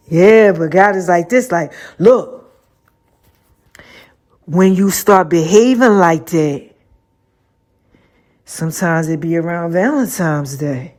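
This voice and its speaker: A woman hosting her own podcast, telling a story in a casual, animated way with frequent laughs and slangy asides. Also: on the low side, takes it slowly, pauses often. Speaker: podcast host.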